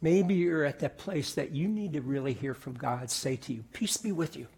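A middle-aged man preaching a sermon in a conversational way, often repeating words and dropping to soft, quiet tones. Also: mid-range voice, expressive, moderate pace, a little hiss or hum. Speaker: pastor.

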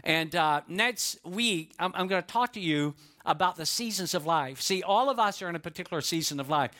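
A man's voice: high voice, expressive, a little fast, bright, forceful tone. A man preaching a sermon as pastor, conversational and folksy, telling a joke story before the message. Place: church.

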